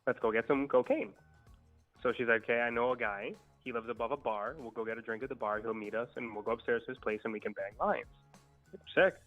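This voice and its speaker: A man's voice: mid-range voice, fairly even intonation, fast talker, narrow, tinny audio. Young guy telling a crazy party story, swears a ton, chill delivery, faint music behind. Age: young adult. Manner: profane, laid-back anecdote telling. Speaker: guest storyteller. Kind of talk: casual podcast storytelling.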